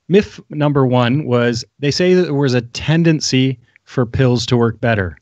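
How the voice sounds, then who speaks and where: A man's voice: mid-range voice, dry recording. Wry laughing man, dull dry recording. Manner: wry, animated, laughs often, quick asides. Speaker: physician panelist reviewing medical studies. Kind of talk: casual panel discussion. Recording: dull lo-fi sound.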